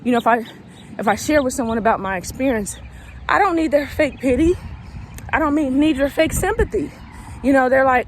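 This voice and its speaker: A recovery coach, a woman, speaks directly to camera in a fairly quick, high voice, slightly out of breath. Her motivational talk is emphatic and preachy, repeating its points. A little hiss or hum is present.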